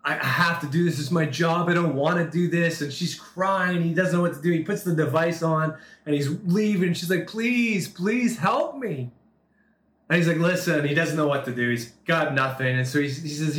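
A man's voice: a little high, reverberant. A man preaching a sermon, telling a story with earnest emphasis and acted-out dialogue. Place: Turkey.

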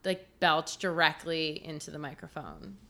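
A young woman co-hosts a podcast with a bright, forward voice. She is chatty and playful and agrees easily with the others. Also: sits low, expressive, moderate pace, gravelly. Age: young adult. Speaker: podcast co-host. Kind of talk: casual chat.

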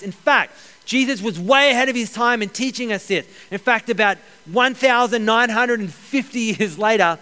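A man preaching a sermon as pastor, energetic, repeating key phrases and joking with the congregation. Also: high voice. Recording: long hall reverb.

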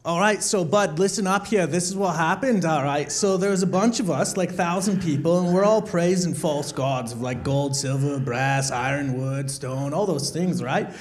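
A man doing King Belshazzar, a chummy high-voiced king. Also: normal speed, few pauses, a little hiss or hum, lightly acted. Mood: storytelling. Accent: wavering Australian-British put-on accent. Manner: chummy, calls everyone bud. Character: jokey swaggering King Belshazzar, adult man. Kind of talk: comic church skit.

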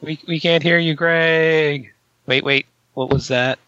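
A man's voice: fairly high pitch, steady tone, takes it slowly, bright, forceful tone, clean tone, dry recording, dull audio. A man co-hosting a casual podcast chat, stammering a little and giggling.

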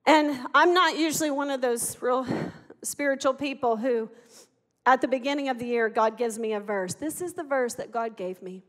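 A middle-aged woman with a high voice tells her story from the pulpit in an earnest, impassioned way. Her words ring out with a long reverb, as in a large hall. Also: moderate pace, fairly bright tone. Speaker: speaker giving testimony. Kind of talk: sermon testimony. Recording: echoey hall.

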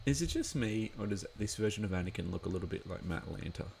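Guy doing a casual watch-along commentary, deep and gravelly, rambles a lot, lots of ums. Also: expressive, quick pace, darkish tone, a little hiss or hum. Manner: rambling and chatty, many filler words.

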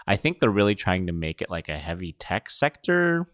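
Giggly man from Ohio, animated pitch. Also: normal speed, dry recording, clean studio sound. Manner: laughs often, riffs on jokes. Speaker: podcast co-host. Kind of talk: casual chat.

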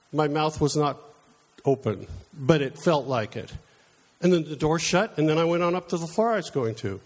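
A middle-aged man preaching a conversational sermon, telling personal stories in a chatty, self-deprecating way. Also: high voice.

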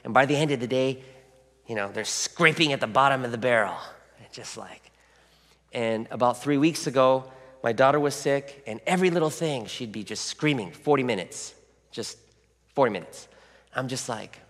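A man preaching a sermon as a pastor, telling stories reflectively and dropping into soft asides. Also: medium pitch. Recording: long reverberant hall.

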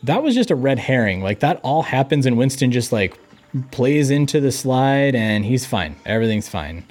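A man's voice: medium pitch, big pitch swings, normal speed, a little mellow, faint music behind. A man co-hosting a podcast in casual chat, hesitant and filled with ums. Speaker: podcast co-host.

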